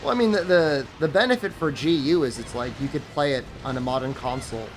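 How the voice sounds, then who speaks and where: A man's voice: medium pitch, fast talker, a little hiss or hum. A tired, sleepy man chatting loosely as he streams a game, rambling with lots of filler words. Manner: rambling, loose, full of "like" and "I mean". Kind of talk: casual stream chat while gaming.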